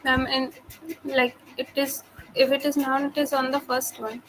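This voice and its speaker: A woman's voice: sits high, flat delivery, moderate pace, fairly bright tone, slight background noise, poor audio. A woman student asking her teacher questions hesitantly, calling her ma'am.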